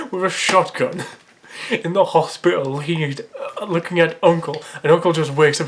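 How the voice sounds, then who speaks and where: A man's voice: a little high, steady tone, normal speed, a little hiss or hum. A man reads his childhood story aloud as comedy. He keeps interrupting himself with sarcastic, mocking remarks and laughs at the writing. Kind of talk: comedic dramatic reading with commentary.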